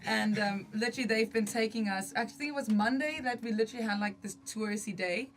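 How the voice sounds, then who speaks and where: A South African woman, the singer of a band, chatting on a podcast in a quick, laughing storytelling manner. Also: fairly high pitch. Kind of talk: casual podcast chat.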